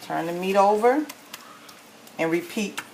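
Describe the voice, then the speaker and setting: A woman's voice: medium pitch, unhurried, a little mellow. Chatty woman cooking in an echoey kitchen. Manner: chatty, folksy, ends lines with "okay?". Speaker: home cook showing a recipe. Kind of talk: casual cooking demonstration. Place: home kitchen. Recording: echoey kitchen with faint noise.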